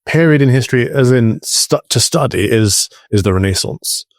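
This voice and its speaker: A man who is a priest, co-hosting a podcast, chatting in a friendly way with quick asides. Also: medium pitch, lively intonation, no echo, studio quality. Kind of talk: casual chat.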